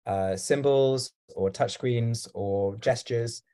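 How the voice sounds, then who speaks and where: A man's voice: medium pitch, takes it slowly, dark tone. A man giving a talk over a video call, rambling and hesitant with many fillers. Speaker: guest speaker.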